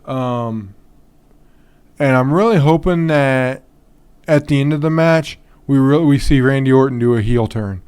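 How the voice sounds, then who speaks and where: A man's voice: medium pitch, measured pace, a little mellow, clear, resonant tone. A man hosting a podcast on his own in a casual, rambling way, full of ums and restarts, yawning and tired. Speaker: podcast host. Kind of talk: casual solo podcast talk.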